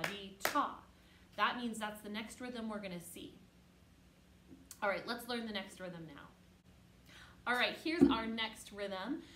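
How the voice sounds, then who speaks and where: A woman's voice: fairly high pitch, a bit bright, a little hiss or hum. A woman teaching an online music lesson to children, speaking patiently and encouragingly. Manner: patient, encouraging, speaks slowly and clearly to kids. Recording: roomy echo, faint music behind.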